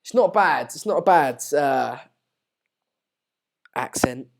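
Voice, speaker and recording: This Swedish stream host has a slightly high, gravelly voice with lively intonation, and he takes his time speaking. Hosting a live football watchalong, he chats about the action and reads viewers' comments aloud.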